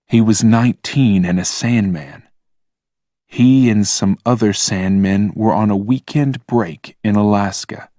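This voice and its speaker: Slow, deliberate male storyteller. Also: on the low side, no echo, studio quality. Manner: calm, plain, deliberate. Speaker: narrator. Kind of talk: slow scripted narration for language learners.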